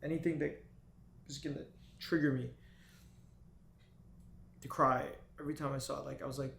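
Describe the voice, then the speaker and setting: A man telling an emotional personal story to camera, halting and full of restarts. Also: mid-range voice, fairly even intonation, vocal fry, a bit bright, slight background noise. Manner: halting, with frequent restarts and fillers. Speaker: vlogger. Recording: echoey room.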